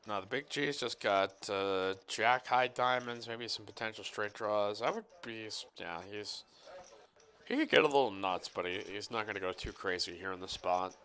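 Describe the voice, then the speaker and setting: A man's voice: on the low side, moderate pace, pushed and bright, clear, resonant tone. A man commenting live on a poker final table, rambling about football and reading viewer chat in a joking, casual way. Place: card room commentary booth.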